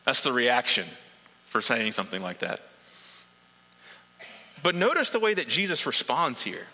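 A man's voice: medium pitch, sing-song, unhurried, sharp tone, in a large hall, poor audio. A man preaching a sermon, earnest and emphatic, building points through repetition.

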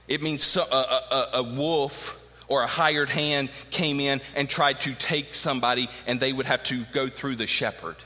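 A man's voice: medium pitch, sharp tone. A middle-aged man preaching a sermon with emphatic rhetorical questions. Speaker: pastor. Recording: long hall reverb.

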